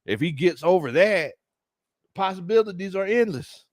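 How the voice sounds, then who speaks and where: Animated man hosting live sports chat. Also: high-pitched, normal speed, dry recording, studio quality. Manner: laughs often, reads chat comments aloud, animated. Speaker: sports talk show host.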